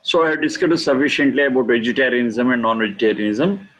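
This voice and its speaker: A man teaching a lesson on scripture, speaking slowly and emphatically, repeating key words for stress. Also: medium pitch, fairly bright tone, rough recording. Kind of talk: lecture explaining scripture.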